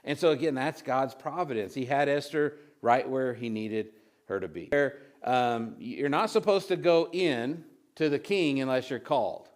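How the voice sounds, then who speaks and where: A man's voice: mid-range voice, moderate pace. A man preaching a casual, conversational sermon, reading old scripture and retelling it with frequent restarts and asides. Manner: retells scripture with acted voices. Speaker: pastor.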